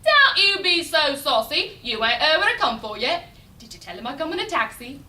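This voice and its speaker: A woman reciting as a brash cockney flower girl, loud and defiant, recorded from a distance in an echoey room. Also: high voice, sing-song, moderate pace, exaggerated voice. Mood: indignant. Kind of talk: recitation in a speech competition.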